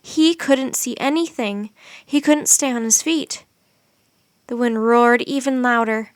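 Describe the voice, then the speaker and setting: Expressive woman reading a children's story. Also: fairly high pitch, dry recording. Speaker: narrator. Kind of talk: audiobook narration.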